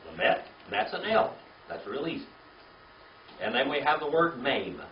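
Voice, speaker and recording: A man's voice: a little high, big pitch swings, moderate pace, gravelly, a little hiss or hum. A man teaching a Bible class, patiently stepping through letters and checking in with "okay?" and "all right?". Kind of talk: classroom lecture. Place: church classroom with a live audience. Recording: roomy, distant, dull lo-fi room recording.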